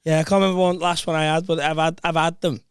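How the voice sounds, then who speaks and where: A podcast co-host with a fairly high voice, rambling and losing his thread mid-story. The sound is close and dry, with no room echo. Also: flat delivery, fast, clear, resonant tone. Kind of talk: casual chat.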